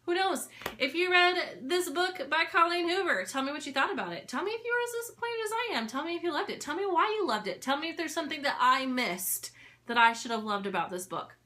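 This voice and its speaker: Bright-voiced chatty young woman reviewing a book. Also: high-pitched, expressive, a little fast. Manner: chatty, lots of "like" fillers, candid. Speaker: book vlogger.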